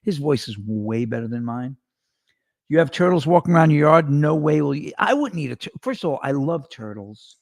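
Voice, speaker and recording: A male talk show host telling rambling, animated stories in a casual chat, with a radio-style voice. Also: on the high side, moderate pace, dry recording, studio quality. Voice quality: gravelly radio voice. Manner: rambling, animated storyteller with restarts.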